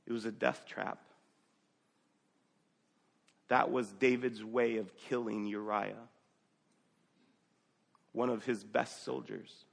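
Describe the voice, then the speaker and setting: A man's voice: lowish voice, steady tone, takes it slowly, gravelly, long pauses, big-room sound. A male pastor preaching a sermon, telling a story conversationally and reading scripture aloud.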